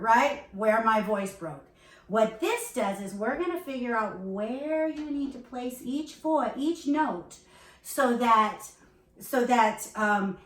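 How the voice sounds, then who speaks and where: A woman's voice: on the high side, fairly bright tone. A woman vocal coach teaching a beginner singing lesson, encouraging and demonstrating sounds, with faint keyboard behind her. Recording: echoey room, recorded from a distance.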